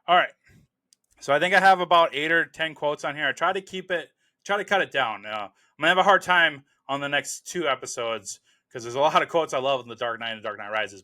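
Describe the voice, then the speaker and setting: Man, young adult, bright tone, casual film review host, rambling with lots of ums. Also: on the high side. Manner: relaxed, rambling, many fillers.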